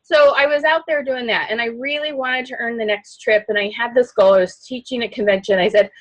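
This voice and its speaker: A loud, outgoing woman giving an animated coaching talk to a sales team. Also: a little high, a little fast, poor audio. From not from the Midwest.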